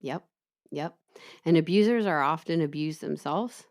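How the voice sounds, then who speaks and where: A woman's voice: low-pitched, moderate pace, a little mellow. A woman co-hosting a casual podcast chat, talkative and laughing easily. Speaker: podcast co-host.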